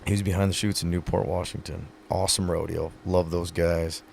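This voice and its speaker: A man's voice: low voice, little pitch movement, fairly quick, creaky, a little mellow, slight background noise. A man, a retiring pro rodeo athlete, talking earnestly in a casual podcast conversation, telling stories with many fillers.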